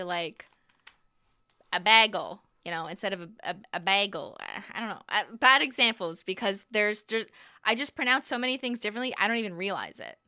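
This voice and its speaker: A young woman talks casually to her livestream audience with a bright, crisp voice. She laughs often and trails off into restarts. The sound is close and dry. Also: mid-range voice, no echo. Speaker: livestream host.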